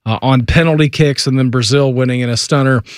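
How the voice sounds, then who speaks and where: A man's voice: mid-range voice, fairly quick, clear, resonant tone, dry recording, clean studio sound. A man hosting a sports radio show, chatting casually and laughing through his stories.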